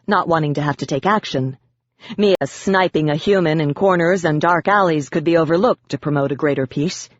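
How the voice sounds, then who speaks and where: Audiobook narrator, measured dramatic first-person reading, mid pitch, lo-fi dry sound. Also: no room sound.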